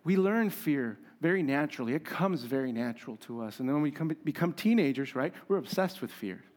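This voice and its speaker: A pastor preaching a conversational, emphatic sermon with humor and rhetorical questions. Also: male voice, fairly high pitch, lively intonation, a little fast, a little mellow.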